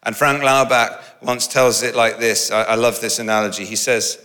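Male preacher, self-mocking and animated, bright voice, echoing hall. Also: mid-range voice, normal speed, hardly any pauses. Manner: animated, self-mocking, laughs through stories. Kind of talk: humorous sermon storytelling. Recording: large hall with long reverb.

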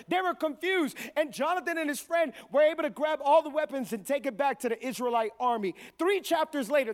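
A man pastor preaching a sermon, building to loud repeated refrains and acting out quick quoted voices. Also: very high-pitched. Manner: preaching with rising volume, repeated call-and-response phrases.

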